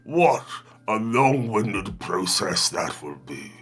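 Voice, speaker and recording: A man voicing a pompous, long-winded male bureaucrat who speaks slowly and grandly. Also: lowish voice, very animated, a bit bright, breathy edge, soft background music, voice pushed down, full character voice. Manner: slow, drawn-out and grand.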